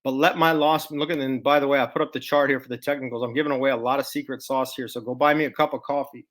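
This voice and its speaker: A middle-aged man with a Texan drawl walks through his trading game plan in a loose, folksy way. He talks like he's chatting with regulars, with plugs and asides thrown in. His voice sits at an ordinary middle pitch. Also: steady tone, fast talker, fairly bright tone. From Texas. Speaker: stock market commentator. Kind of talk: casual screen-share market commentary.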